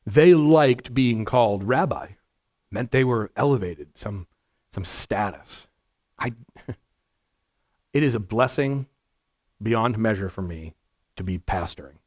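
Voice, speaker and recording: A man, a pastor, giving a conversational verse-by-verse sermon to a congregation in a church, with a naturally loud voice and frequent "right?" asides. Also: fairly low pitch, animated, takes it slowly, pauses often. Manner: naturally loud, chatty, asks the room "right?". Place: church sanctuary before a congregation.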